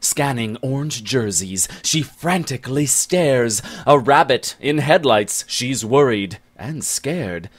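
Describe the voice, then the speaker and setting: A man narrating a comic rhyming ballad in a slow, storytelling way. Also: medium pitch, animated, husky.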